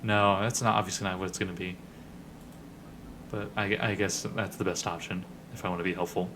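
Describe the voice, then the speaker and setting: A man's voice: low voice, level tone, fairly quick, background noise. A man hosting a game playthrough, reading the text aloud with casual, self-deprecating asides. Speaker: gaming video host.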